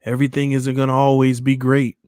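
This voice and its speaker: Sports-channel host, male, mid-pitched, heartfelt pep talk to his fans, shaken after crying, dry close sound. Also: completely flat delivery, fairly quick, darkish tone, clean tone, dry recording. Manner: earnest, repeats phrases, addresses viewers as man and y'all. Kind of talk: emotional motivational talk to viewers.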